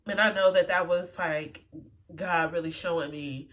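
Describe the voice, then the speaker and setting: A woman's voice: fairly low pitch, fairly even intonation, moderate pace, a bit bright. A woman telling a personal story in a casual way, full of "like" and "you know" fillers. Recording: voice a bit far from the mic.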